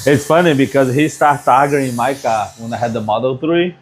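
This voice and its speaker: A man's voice: medium pitch, normal speed, a little hiss or hum. A man with a foreign accent, working as a barber and chatting casually in loose, broken phrasing. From abroad, not born in the US. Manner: loose, broken phrasing, calls others bro. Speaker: barber, streamer. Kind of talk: casual chat.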